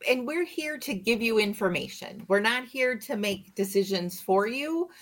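A woman, a radio guest explaining care options in a measured way with frequent ums. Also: a little high, fairly bright tone. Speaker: manager of a disability and aging resource center. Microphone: studio microphone.

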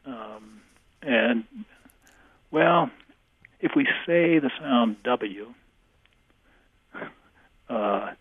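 A man who is an English professor, answering questions on a radio call-in show, halting with many fillers. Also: medium pitch, expressive, gravelly, husky, dry recording. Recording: tinny phone line.

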